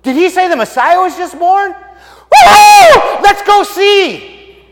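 A man's voice: extremely high pitch, slow, shouting, long reverb tail, a loud crowd, very noisy, pitched above the performer's own voice, exaggerated voice. Man doing stammering, overjoyed shepherds. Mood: elated. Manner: stammering, then whooping with excitement. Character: startled, overjoyed male shepherds, excitable.

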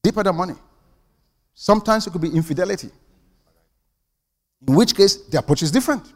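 A man's voice: sits high, animated, brisk, darkish tone, big-room sound. A man preaching a sermon as pastor, emphatic and calling for amens from the congregation. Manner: emphatic preaching with call-and-response.

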